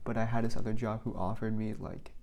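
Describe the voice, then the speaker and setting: A man's voice: on the low side, fairly even intonation, fast talker, gravelly, darkish tone. A young man casually rambling through work stories for his vlog, filling his talk with "like" and restarts. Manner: rambling, filler-heavy, many "like"s. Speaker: vlogger.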